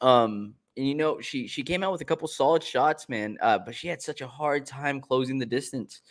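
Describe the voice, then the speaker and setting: Co-host, male, mid-pitched, laid-back and jokey, steers the talk. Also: normal speed. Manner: easygoing, leads the run-through, jokey. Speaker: podcast co-host. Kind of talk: casual chat.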